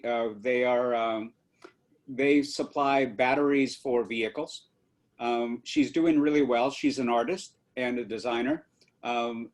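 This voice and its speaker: A man speaks fondly and casually, filling pauses with ums and uhs. His delivery is loose and conversational. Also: medium pitch. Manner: fond, chatty, with fillers. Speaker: former host father. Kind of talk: casual meeting chat.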